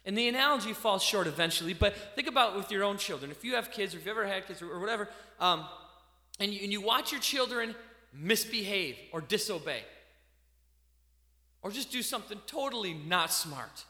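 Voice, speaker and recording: A man delivers a sermon in a bright, high voice. He is animated, pushing some phrases out loudly and dropping others low and quiet. The sound rings around a large echoey hall. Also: fairly quick. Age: adult parent. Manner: animated, swings between loud emphasis and quiet asides. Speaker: pastor.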